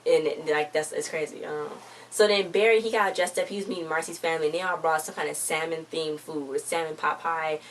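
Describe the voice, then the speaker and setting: A woman's voice: low-pitched, steady tone, fast talker, hardly any pauses, far from the mic, a little hiss or hum. A woman reviewing a TV episode in a casual, rambling recap, stringing the story together with "so then she's like.".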